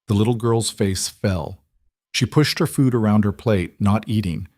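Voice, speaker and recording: Low-voiced male story narrator. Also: darkish tone, no echo, clean studio sound.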